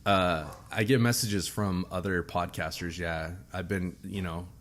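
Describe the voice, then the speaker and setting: A man's voice: low voice, fairly even intonation, a little slow, fairly bright tone. A man hosting a podcast, teasing his co-host in casual chat and laughing often.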